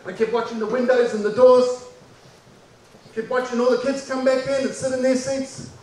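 A man performing a personal story aloud, dramatic and full of pauses, acting out the people in it. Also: very high voice, little pitch movement, a little mellow. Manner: dramatic, acts out voices and pauses. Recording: echoey room from far off with faint background noise.

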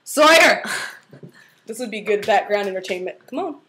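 A young woman co-hosting a casual vlog, bubbly and teasing, with quick interjections. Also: mid-range voice, animated, fairly bright tone. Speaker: vlog co-host. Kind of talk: casual chat.

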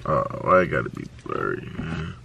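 A young man hosting a casual eating video, asking questions in a relaxed, slangy way. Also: a bass voice, moderate pace, vocal fry, slight background noise. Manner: laid-back slangy questioning. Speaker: YouTube host. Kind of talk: casual mukbang chat.

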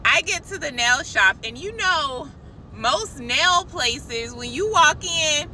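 Woman telling a story to her viewers, real animated and chatty, high bright voice, little bit of road rumble. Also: takes it slowly, low-quality recording. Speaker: christian vlogger. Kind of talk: casual testimony storytelling.

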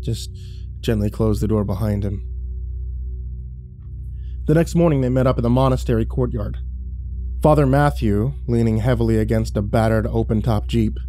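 A man narrating a scripted horror story in a measured, dramatic way. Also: mid-range voice, mellow.

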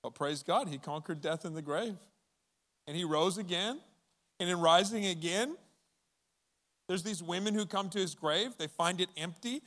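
Guy pastor preaching, kinda high voice, chatty and animated, does little voices for the stories. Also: moderate pace, long pauses. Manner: conversational and animated, acting out quoted voices. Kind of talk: sermon. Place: church auditorium with audience.

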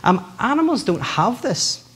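A middle-aged man giving a public lecture in a lively, joking way, often restarting his sentences. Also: sits high, measured pace. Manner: animated, joking, many restarts.

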